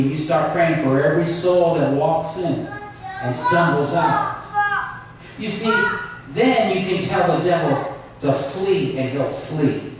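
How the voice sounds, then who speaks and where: A pastor preaching a sermon with emphasis, drawing out some phrases slowly. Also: male voice, fairly high pitch. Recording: echoey hall, mic far off.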